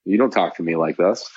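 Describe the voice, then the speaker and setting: Low husky man telling a story. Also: lo-fi sound. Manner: animated, acts out quoted dialogue. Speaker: podcast guest, wrap shop owner. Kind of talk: casual storytelling.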